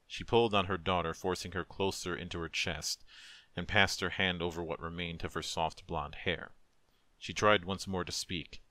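A man who is a streamer reads a dark fantasy story aloud with a solemn, emotive, measured delivery into a close microphone. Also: sits low, no room sound. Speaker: narrator, streamer. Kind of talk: dramatic story reading.

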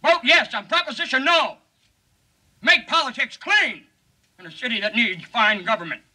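Man doing a shifty campaign pitchman, high bright voice, glib folksy patter, 1950s comedy bit. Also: lively intonation, normal speed, heavily acted, poor audio. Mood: pleading. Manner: glib, folksy, over-earnest sales patter. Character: fast-talking male campaign pitchman, shifty.

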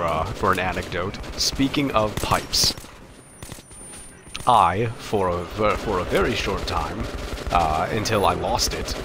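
Young male streamer, low voice, rambling and self-deprecating; noise under the recording. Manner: rambling, self-mocking, halting. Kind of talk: live game commentary.

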